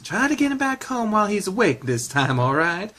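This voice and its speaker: A brisk, motherly woman, as a man puts her on, teasing and quick to send the boys off. The voice stays close to his own with a lively lift. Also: high voice, pitched above the performer's own voice, exaggerated voice.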